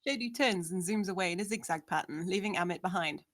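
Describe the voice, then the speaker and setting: A woman's voice: fairly low pitch, quick pace. A woman narrating, steadily reading out the scene descriptions of a screenplay.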